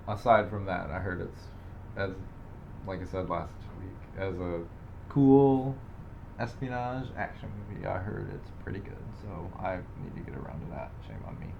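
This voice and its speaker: A young man co-hosts a podcast, chatting casually in a low, expressive voice with vocal fry at a moderate pace. He rambles with lots of fillers and self-deprecating asides, on lo-fi audio with a little hiss or hum.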